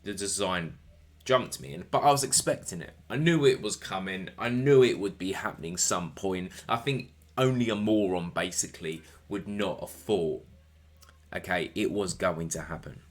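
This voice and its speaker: A man's voice: sits low, normal speed. Enthusiastic man reviewing wrestling. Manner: enthusiastic, rambling, swears casually. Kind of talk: solo review podcast.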